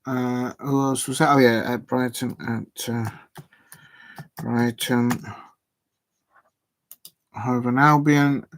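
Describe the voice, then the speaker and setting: A man with a South London accent rambles through casual chat on his football watch-along stream, muttering as he types. He has a medium pitch and fairly even intonation, speaking slowly with long pauses.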